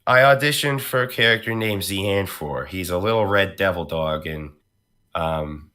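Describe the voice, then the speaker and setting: A man with a low voice and a slight New York accent, chatting on a podcast about his voice acting work. His tone is bright and forward. He tells his stories with animated energy. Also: moderate pace. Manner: animated storyteller, slips into character voices. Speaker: voice actor. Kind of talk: casual podcast chat.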